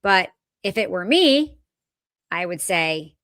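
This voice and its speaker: A woman with a Fall River, Massachusetts accent, talking casually as a podcast co-host. Her voice sits on the low side and sounds dry and close, with no room around it. She is pointed and opinionated and keeps pressing rhetorical questions. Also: very animated, slow pace, fairly bright tone, dry recording. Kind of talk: casual chat.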